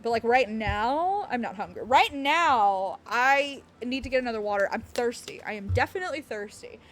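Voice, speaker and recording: A woman's voice: on the high side, expressive, moderate pace, fairly bright tone. A woman streamer chatting casually on a live stream, bubbly and giggly, rambling with lots of fillers. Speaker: game streamer.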